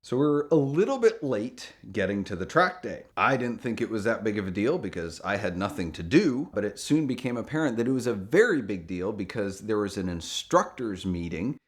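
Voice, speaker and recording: A man's voice: brisk, few pauses. Man telling a casual car story. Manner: animated, jumps up in pitch for quoted voices.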